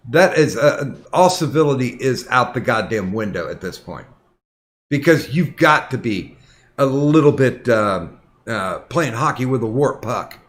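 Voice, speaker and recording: Profane, heated male podcast host. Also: mid-range voice. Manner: profane, heated retelling with many restarts. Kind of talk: casual storytelling chat.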